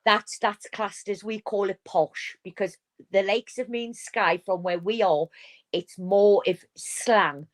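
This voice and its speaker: A woman's voice: mid-range voice, steady tone, a little slow. A woman with a Geordie accent, chatting casually on a live-stream panel and explaining things at length. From North East England. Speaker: panel guest.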